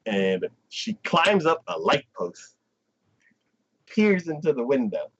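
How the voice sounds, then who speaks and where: A man's voice: a little high, takes it slowly, creaky, breathy edge, muffled recording. A man hosting a casual livestream chat, retelling an anime episode with lots of fillers and acted-out lines. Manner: animated plot retelling, acting out characters in quotes. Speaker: anime podcast host.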